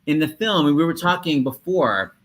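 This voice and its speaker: A man hosting a casual video-call chat, animated and quick to laugh as he prompts his guests. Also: a little high. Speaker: host.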